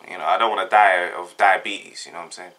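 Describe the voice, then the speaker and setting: A young male vlogger from South London answers a tag, his voice low, steady, quick and pushed bright. In his South London accent he keeps things laid-back and jokey, rambling on with lots of slang.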